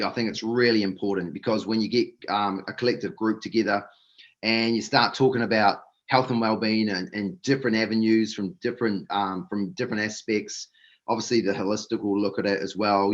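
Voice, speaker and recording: Low-voiced Kiwi guest on lo-fi audio. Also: male voice, fairly bright tone. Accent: New Zealand. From New Zealand. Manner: easygoing, upbeat, slangy. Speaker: corporate health and wellness expert, guest. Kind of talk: casual podcast interview.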